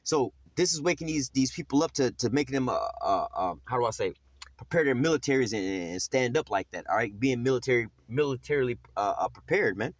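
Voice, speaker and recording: A man teaching scripture at a quick clip, loose and streetwise, heavy with slang and cursing. He trails off in fillers and restarts. The sound is dry and close. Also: mid-range voice, animated, no echo. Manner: streetwise, profane, rambling with many fillers.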